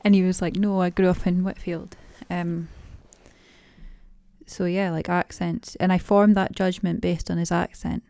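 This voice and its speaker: Hesitant Scottish woman, low and flat. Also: unhurried, gravelly, clean tone, no room sound, studio quality. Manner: hesitant, many restarts and fillers, laughs often. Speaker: podcast guest. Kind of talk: casual interview conversation.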